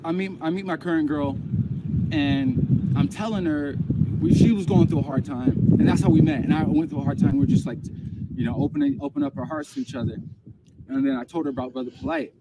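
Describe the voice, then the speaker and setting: A man's voice: fairly high pitch, sing-song, fairly quick, vocal fry. A man telling a personal story in casual vlog style, rambling and emotional, often repeating words and restarting. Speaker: vlogger recounting a personal experience. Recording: distant mic with loud background noise.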